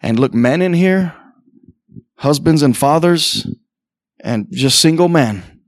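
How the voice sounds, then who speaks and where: A middle-aged man preaching an impassioned sermon in church, asking rhetorical questions and acting out dialogue, often rising to near-shouts. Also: on the high side, expressive, slow, no room sound. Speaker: pastor. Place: church sanctuary.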